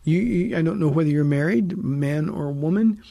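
A man who is a pastor and radio call-in host, teaching the Bible in an earnest, preacherly way, leaning on slow, emphatic words, from a close studio mic. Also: fairly high pitch, creaky, mellow, dry recording. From United States.

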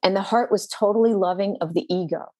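A woman's voice: mid-range voice, fast, warm tone, no room sound. A woman pastor, a podcast guest, telling a personal faith story in an earnest, intense way with a shifting pace.

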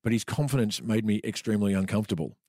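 Middle-aged Aussie bloke, podcast host reading his memoir; lowish voice, dry close mic, wry and laughing. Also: quick pace, warm tone, no echo. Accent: Australian. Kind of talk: storytelling podcast chat, reading aloud.

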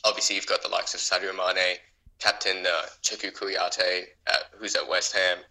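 A man's voice: sits low, steady tone, fairly quick, vocal fry, bright, forceful tone, poor audio. A man co-hosting a sports podcast, giving casual opinions with frequent hesitations. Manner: hesitant, with frequent ums and uhs. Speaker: podcast co-host.

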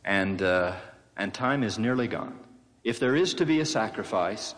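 A man's voice: on the low side, animated, moderate pace, fairly bright tone, slight background noise. A man giving a sermon, reading scripture aloud and adding playful, wry commentary with chuckles. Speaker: speaker giving a scripture talk. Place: large hall or tabernacle. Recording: distant hall reverb, faint ambience.

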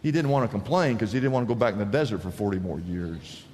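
A man's voice: lowish voice, fast, a little mellow, long reverb tail, slight background noise. A man pastor preaching a sermon, telling stories animatedly and acting out the people he quotes.

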